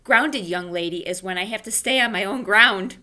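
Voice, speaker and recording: A woman voicing a loud, feisty little kindergarten girl while reading a children's book aloud, with shouty, childlike outbursts. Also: mid-range voice, moderate pace, close to an everyday voice. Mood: indignant whining.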